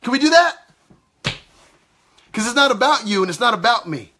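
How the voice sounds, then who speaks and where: A man's voice: extremely high pitch, animated, moderate pace, pushed and bright, slight background noise. A man giving an impassioned sermon, emphatic and repetitive, acting out the other side of quoted exchanges. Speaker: preacher.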